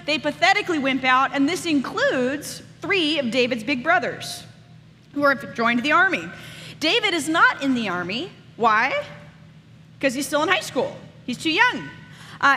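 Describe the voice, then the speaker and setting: A woman preaching a sermon, retelling a scripture story in a casual, lively way with slang asides, then reading the passage aloud. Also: high voice, slight background noise. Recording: reverberant hall.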